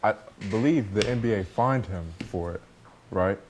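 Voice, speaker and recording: A man on a panel discussion, speaking in a halting, hesitant way with many restarts. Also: on the low side, slight background noise.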